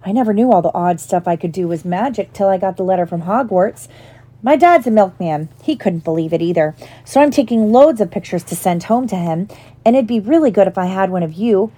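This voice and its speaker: A woman's voice: mid-range voice, lively intonation, a little fast, dark tone, close to an everyday voice. A woman voicing a small, eager young schoolboy who talks breathlessly and stammers with hope. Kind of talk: audiobook character voice.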